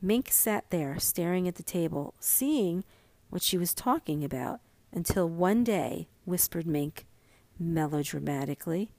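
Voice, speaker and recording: A woman narrating a story in a measured, unhurried read. Her pace is slow and deliberate. The recording is dry and close, with no room sound. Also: fairly low pitch, a little mellow, dry recording. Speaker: reader. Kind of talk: audiobook narration.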